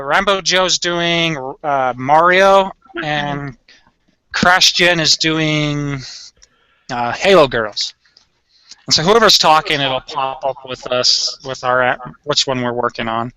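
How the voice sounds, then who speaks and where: A young man animator chatting casually, swearing freely and excitable. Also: fairly high pitch, smooth, dry recording, poor audio. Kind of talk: casual chat.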